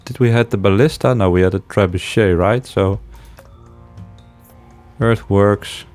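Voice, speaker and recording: A man's voice: sits low, a little mellow, no room sound. A man giving casual let's-play commentary, thinking aloud with hesitations and frequent chuckles. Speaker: game streamer.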